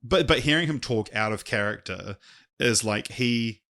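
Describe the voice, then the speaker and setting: A man's voice: medium pitch, moderate pace, creaky, fairly bright tone. A man co-hosting a podcast, retelling a story in casual chat with many false starts. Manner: rambling storyteller with many restarts. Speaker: podcast co-host.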